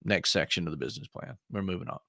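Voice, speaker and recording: A man's voice: sits low, expressive, quick pace, gravelly, bright, forceful tone, no echo, clean studio sound. A man with a rural American accent giving a folksy business training lecture, asking rhetorical questions and repeating key points. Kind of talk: instructional lecture.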